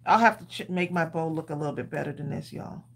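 A woman's voice: low-pitched, quick pace, vocal fry, slight background noise. A woman co-hosting a live crafting stream, chatting casually with viewers and laughing often. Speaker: crafting show co-host.

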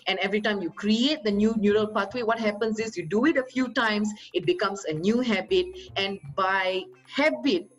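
A woman's voice: mid-range voice, normal speed, few pauses, soft background music, poor audio. A woman giving a motivational talk as a trainer, upbeat and coaxing, with rhetorical questions to her listeners.

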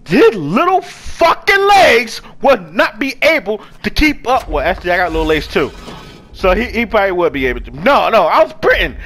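A man giving casual let's play commentary, swinging from hushed muttering to yelling and talking to the game characters with slang and swearing. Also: sits high, very animated, normal speed. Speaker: gaming video creator.

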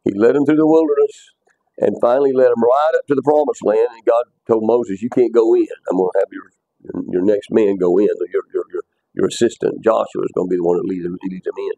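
A man's voice: on the low side, fairly even intonation, fairly quick, vocal fry, dark tone, no room sound, lo-fi sound. A man teaching a bible class, talking conversationally, repeating himself and quizzing his students.

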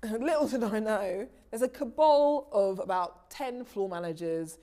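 Animated woman telling stories in an interview. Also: medium pitch, a little slow. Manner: animated, restarts sentences, laughs easily. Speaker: TV director, interview guest. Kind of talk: casual interview storytelling.

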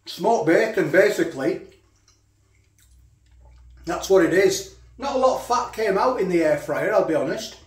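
Guy chatting about food with his mouth full, slightly high voice, echoey kitchen. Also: animated, measured pace, pauses often. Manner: chatty, talks while eating. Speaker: food vlogger. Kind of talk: casual food review.

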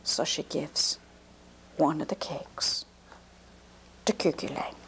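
A woman's voice: low-pitched, slow pace, fairly bright tone, slight background noise. A woman telling a folk tale aloud to a child, slipping into whispers for suspense. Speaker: storyteller.

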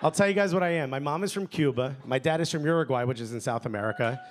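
New York comic with a deli accent. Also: male voice, fast talker. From New York area. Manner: playful, drops voice low and soft for punchlines. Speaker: stand-up comedian. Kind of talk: stand-up set. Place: comedy club stage with laughing audience. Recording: live club recording with crowd noise.

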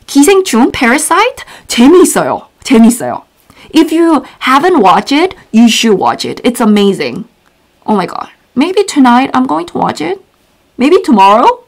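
A high-voiced woman with a Korean accent gives a relaxed online language lesson. She sounds bubbly and repeats words slowly so learners can follow.

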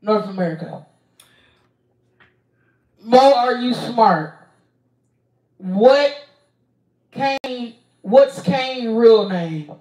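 Young woman host, loose and foul-mouthed, slow delivery, sits back from the mic. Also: on the high side, animated, darkish tone. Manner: profane, blunt, hesitant with frequent ums. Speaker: streamer. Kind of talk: casual live-stream Q&A. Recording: roomy sound, distant from mic.

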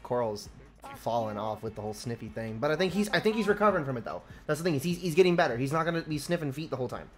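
A man streaming a party game rambles through his answers at a quick clip. He swears freely and cuts himself off mid-thought. Faint music plays under his voice. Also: on the high side, animated. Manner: rambling, swearing, self-interrupting. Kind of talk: casual gaming stream chat.

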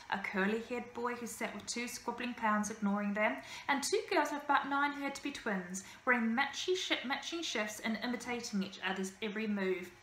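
A woman teacher reading a children's novel aloud with lively, expressive storytelling. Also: a little high, slight background noise. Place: school room. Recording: echoey room, faint ambience.

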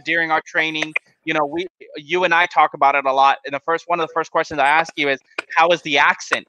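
A man hosting a casual business podcast, talking in an energetic coaching tone and asking rhetorical questions. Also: a little high, slight background noise, rough recording. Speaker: podcast host.

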